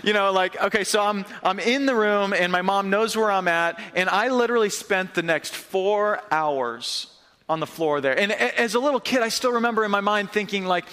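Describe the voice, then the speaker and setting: A young man from upstate New York giving a sermon, telling a story in a lively, conversational way. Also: sits high, normal speed, clear, resonant tone, in a large hall. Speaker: pastor. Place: church hall.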